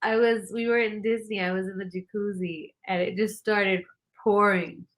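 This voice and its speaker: A woman's voice: medium pitch, fairly even intonation, normal speed. A woman hosting a podcast, chatting in an encouraging way and laughing often. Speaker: podcast host. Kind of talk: casual podcast interview.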